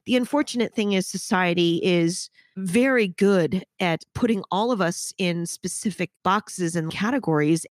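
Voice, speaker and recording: A woman's voice: fairly low pitch, normal speed, hardly any pauses, dry recording. Frank, reflective woman podcast host. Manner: frank, swears freely, talks in long reflective runs. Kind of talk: casual interview chat.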